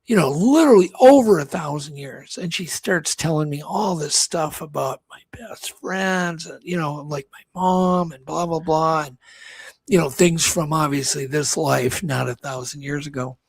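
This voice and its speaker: A man with a fairly high, gravelly voice tells a long story on a chat show. His tone is husky, and he restarts sentences often. The sound is close and dry. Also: steady tone, a little slow, no room sound. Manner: rambling storyteller, many restarts, acts out quotes. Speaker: co-host.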